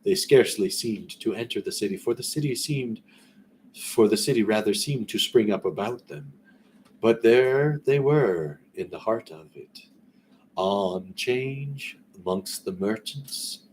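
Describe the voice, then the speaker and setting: Guy reading an old story out loud, lowish voice, rambles casually between passages, faint hiss. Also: measured pace. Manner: relaxed, conversational, rambling in asides. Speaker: story reader. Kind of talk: reading a classic story aloud with chatty asides.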